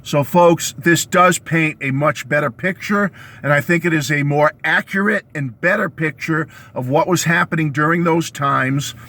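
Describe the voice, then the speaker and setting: A man hosting his own video channel, with a hoarse, worn-out voice, ranting excitedly about a new release and calling his viewers "folks" again and again. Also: a little high, normal speed, hardly any pauses. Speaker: YouTube host reviewing music releases. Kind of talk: enthusiastic vlog rant. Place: home basement studio.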